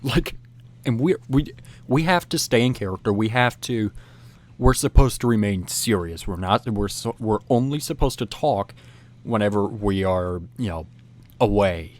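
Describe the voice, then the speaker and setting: A man casually recounting a story, rambling with many restarts and filler phrases, animated as he goes. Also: lowish voice, moderate pace. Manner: rambling, frequent restarts and "you know"; animated, acts out whispered quotes.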